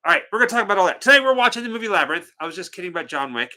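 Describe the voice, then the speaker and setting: Racing along in a high, animated voice that sounds pushed and bright, this man co-hosts a movie watch party stream. He keeps things playful and casual, joking around and greeting viewers by name with theatrical flair.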